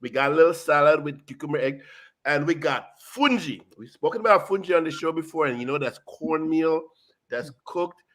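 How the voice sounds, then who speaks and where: A man hosting a casual food chat, hyped and talkative, full of "you know" and "boom". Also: brisk, fairly bright tone. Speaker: show host. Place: South Florida.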